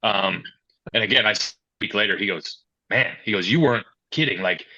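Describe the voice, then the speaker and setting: A man's voice: on the low side, normal speed. A man being interviewed as a youth and amateur hockey coordinator, talking through his answers and acting out quoted exchanges as he tells stories. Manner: storytelling, quoting others in animated asides. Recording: dull lo-fi sound.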